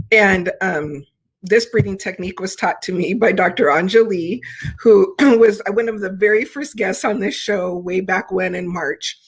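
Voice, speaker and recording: Middle-aged woman, host, earnest, unhurried, calm counting voice, webcam mic. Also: sits low. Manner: warm, earnest, unhurried, counts breaths slowly. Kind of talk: livestream check-in show with guided breathing.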